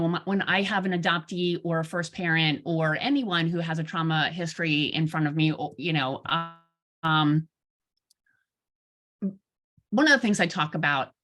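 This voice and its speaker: A woman therapist giving an informal talk to an online audience, chatty and animated, acting out bits of dialogue with self-deprecating humor. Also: fairly low pitch. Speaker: therapist and guest speaker.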